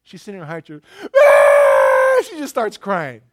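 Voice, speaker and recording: A middle-aged man preaching a sermon, telling stories and swinging between loud emphasis and hushed asides. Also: sits high, big pitch swings, fast. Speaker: pastor.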